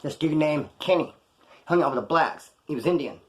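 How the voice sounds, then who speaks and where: A man's voice: a little high, moderate pace. A man telling stories from prison in a casual, slangy way, acting out the lines of the people in them. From California. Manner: slangy, animated, acts out other people's lines. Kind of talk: casual storytelling to camera.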